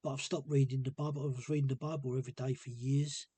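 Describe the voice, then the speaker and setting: A man talking casually to camera in a hesitant, rambling and subdued way, with a gravelly, husky voice. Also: medium pitch, little pitch movement, fast, mellow, no room sound. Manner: hesitant and rambling, many ums. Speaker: vlogger. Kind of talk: casual personal monologue.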